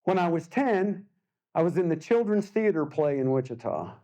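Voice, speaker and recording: A man in his sixties, an artist giving a casual storytelling talk, animated and acting out the voices he quotes, with frequent laughs. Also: a little high, normal speed. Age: 60s. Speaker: guest artist speaker.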